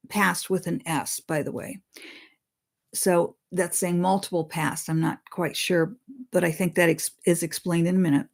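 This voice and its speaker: A woman's voice: on the low side, little pitch movement, normal speed, vocal fry. A woman psychic medium who reads channeled messages aloud, then stops to explain them in plain words, talking earnestly to her listeners as friends. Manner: stops to comment and rephrase, laughs at her own slips.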